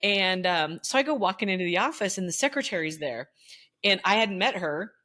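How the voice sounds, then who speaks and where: A woman's voice: mid-range voice, a little fast. A middle-aged woman, a former teacher, telling school stories in casual chat with lots of laughter. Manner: animated, laughing storyteller.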